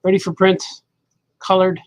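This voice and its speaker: Coloring comic pages on a livestream, this cartoonist rambles in casual conversation with his viewers. He speaks in a high, monotone voice at a moderate pace. The audio sounds dry and dull.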